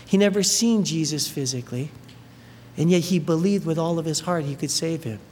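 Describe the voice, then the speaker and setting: A preacher giving an animated sermon, retelling a Bible story with many asides and fillers. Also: mid-range voice, brisk. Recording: long hall reverb, faint noise.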